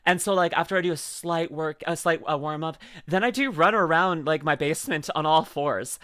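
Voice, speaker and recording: A man's voice: a little high, a little fast, fairly bright tone, clear, resonant tone, dry recording, clean studio sound. A man streaming live, chatting casually and rambling playfully with lots of fillers while he reacts to a video.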